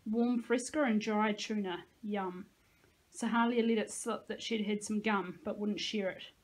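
A woman's voice: medium pitch, fairly even intonation, a little slow, low-quality recording. A woman, a teacher, reading a novel aloud to her class with casual asides to her listeners.

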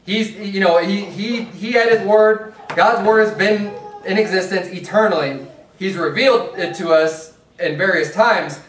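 A man preaching a fervent sermon as pastor, with an American accent, stumbling over repeated words as he presses his points. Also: high voice. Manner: impassioned, repetitive restarts, mimics soft preachers in a hushed voice. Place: church sanctuary. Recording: echoey room from far off.

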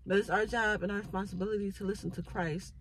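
A fast-talking mother with a mid-range voice and fairly even intonation offers an earnest, preachy, heartfelt reflection on faith and family. It's casual speech on a rough recording with slight background noise.

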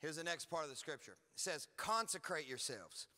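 A man preaching a lively sermon as pastor, emphatic and energetic with frequent asides. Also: a little high, brisk, in a large hall. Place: church hall.

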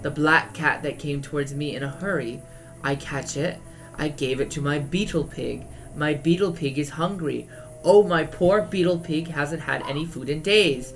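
A drag queen streamer voicing an ancient, creepy old man in a video game, with a slow, quiet, creaky delivery. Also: on the high side, faint music behind, lightly acted.

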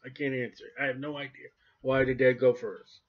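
A man preaching a sermon with emphasis, swinging between loud declarations and quiet asides. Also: medium pitch, level tone, a little fast. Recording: dull lo-fi recording.

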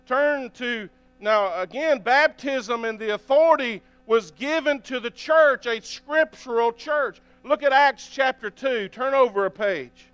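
High-voiced preacher man, smooth and dry. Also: measured pace, few pauses, a bit bright, dry recording. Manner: preaching, often asking listeners for an amen; reads scripture aloud between remarks. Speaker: pastor. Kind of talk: sermon.

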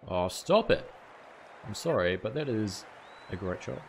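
A man's voice: lowish voice, animated, measured pace, slight background noise. A man streaming a cricket video game live, chatting casually with viewers and swearing now and then. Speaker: gaming streamer.

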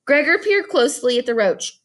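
A woman narrating an audiobook in an expressive storytelling manner, doing voices for each character. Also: high voice, brisk.

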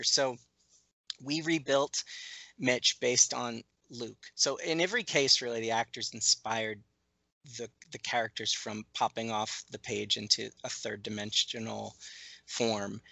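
Man, gravelly, bright and forceful tone, dry close sound, halting restarts, interview guest. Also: medium pitch, fairly even intonation, dry recording, low-quality recording. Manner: thoughtful, halting, many restarts and fillers. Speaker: animated series co-creator, interview guest. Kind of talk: conversational interview.

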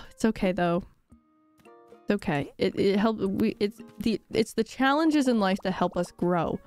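A woman's voice: medium pitch, lively intonation, a little slow, a little mellow, smooth. A young woman chatting casually on a live game stream, rambling and laughing often with dramatic sighs. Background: faint game music.

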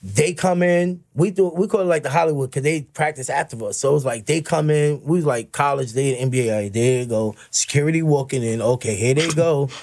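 A man telling stories on a podcast, animated, laughing often and acting out the people in his stories. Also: on the high side, a little fast, few pauses. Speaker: podcast guest. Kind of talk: casual storytelling.

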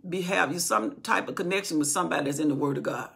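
A woman's voice: low voice, fast, gravelly, a bit bright, husky. A woman telling a Bible story from memory in an informal teaching style, acting out what the people in it say. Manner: retells from memory, acting out quoted speech.

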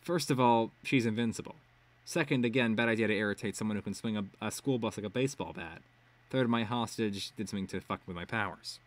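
A man's voice: on the low side, fast, close to an everyday voice. A man voicing a tense teenage girl who talks curtly and strained in a read-aloud web serial. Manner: strained, curt. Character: tense teenage girl hero holding a hostage.

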